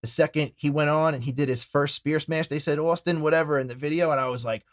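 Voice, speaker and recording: A young man hosting a wrestling podcast, telling stories in a loud, profane, casual way. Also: fairly high pitch, fairly even intonation, fast, no room sound, studio quality. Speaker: podcast host. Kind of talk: casual chat.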